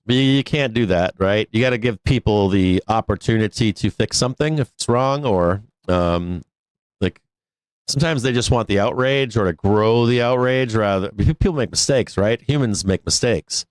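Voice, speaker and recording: A man's voice: on the low side, normal speed, no room sound. A middle-aged man hosting a live stock market show, chatting casually and candidly, swearing and laughing often. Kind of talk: casual live-stream talk.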